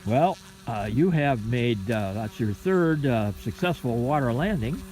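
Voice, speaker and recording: Man, slow and drawn out, dry teasing, lively up-and-down pitch, outdoors by a lake. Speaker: fellow RC hobbyist and spotter. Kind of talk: casual chat. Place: outdoors at a lakeshore.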